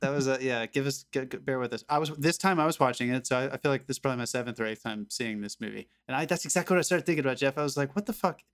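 A man's voice: medium pitch, racing, few pauses, a bit bright, smooth. A man co-hosting a movie podcast over a video call, passionate and rambling, swearing freely. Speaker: podcast co-host. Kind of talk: casual movie podcast chat.

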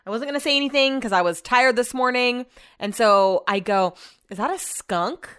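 A woman's voice: on the high side, moderate pace, a bit bright, clean tone. A young woman vlogging, telling everyday stories in a chatty, exasperated way and swearing casually. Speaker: vlogger and radio host. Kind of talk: casual storytelling vlog.

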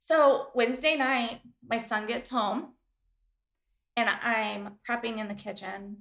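Woman in her 40s, kinda high voice, podcast chat, lively storytelling with lots of swearing. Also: takes it slowly, gravelly. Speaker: podcast co-host. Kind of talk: casual chat. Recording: roomy echo.

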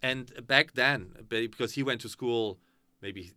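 A man's voice: mid-range voice, unhurried, smooth, no room sound. A man of about fifty from Germany, a native German speaker, telling stories in an easygoing interview and quoting other people, with plenty of fillers and restarts. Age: around 50. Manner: animated storyteller, many fillers and restarts. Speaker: interview guest. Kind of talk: casual conversation.

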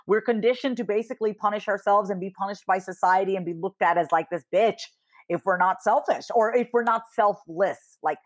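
Thirties woman guesting on a podcast, super animated, acts out the quotes, swears a bit. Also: medium pitch, fairly quick. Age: 30s. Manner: animated storyteller who acts out quoted dialogue, swears casually. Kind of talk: casual interview chat.

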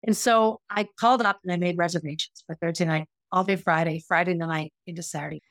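A woman's voice: lowish voice, fairly even intonation, fairly quick, dry recording. A middle-aged woman telling a personal story as a podcast host, earnest and emotional, acting out quoted dialogue.

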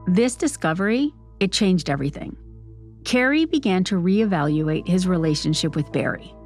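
Low-voiced woman narrating a documentary. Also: faint music behind. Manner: measured, even storytelling. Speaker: podcast host and narrator.

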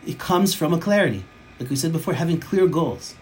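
A man's voice: fairly high pitch, expressive, a little fast, a little mellow, a little hiss or hum. A man teaching a Torah class as a rabbi, emphatic, often repeating phrases for stress and mixing in Hebrew and Yiddish terms.

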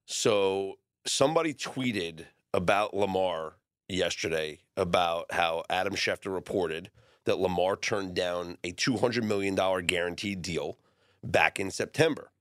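A man's voice: sits low, measured pace, a bit bright, smooth, no echo, clean studio sound. A man hosting a sports talk show, steadily explaining news items and reading out posts to his guest. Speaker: sports radio host.

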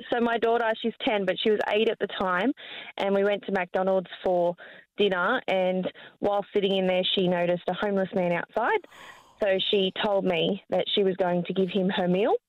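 A woman's voice: mid-range voice, fairly even intonation, normal speed, no echo, lo-fi sound. A woman calling in to radio, earnestly telling a story about her daughter. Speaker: caller.

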